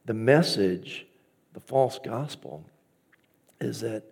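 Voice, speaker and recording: Gravelly-voiced male pastor preaching. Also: on the low side, animated, unhurried, darkish tone. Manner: conversational, acts out his own inner dialogue. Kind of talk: storytelling sermon.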